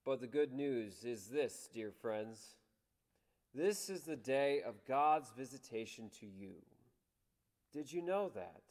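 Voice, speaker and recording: A man preaching a sermon with passion, moving between loud declarations and hushed, soft lines. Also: mid-range voice, lively intonation, takes it slowly. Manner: impassioned, dramatic swings between loud and hushed. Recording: long hall reverb.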